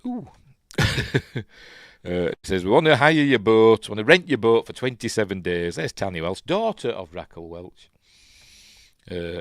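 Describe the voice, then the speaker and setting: A man's voice: on the low side, dry recording, studio quality. A man with a Yorkshire accent, hosting a chatty live film commentary and rambling as he gets sidetracked. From Yorkshire, England. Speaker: host.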